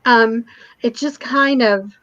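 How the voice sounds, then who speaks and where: A woman's voice: fairly high pitch, takes it slowly, a bit bright, no echo. A woman co-hosting a casual chat, animatedly and emotionally retelling a TV episode. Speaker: co-host. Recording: dull lo-fi stream audio.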